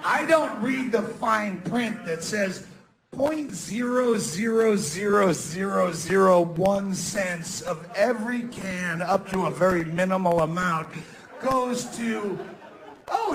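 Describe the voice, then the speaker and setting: A male stand-up comedian with a gravelly, high-pitched voice rants through his set on a comedy club stage, sarcastic and mock-shouting. The rough live club recording is full of audience laughter.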